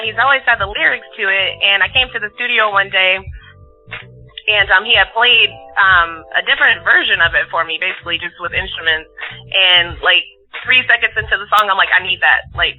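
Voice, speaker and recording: A woman guest talks loosely and warmly about her music, filling her speech with "like" and "you know." Her voice comes through a narrow phone line. Faint music plays behind her. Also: mid-range voice, a little fast. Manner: chatty, lots of "like" and "you know". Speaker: singer guest. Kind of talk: casual interview chat.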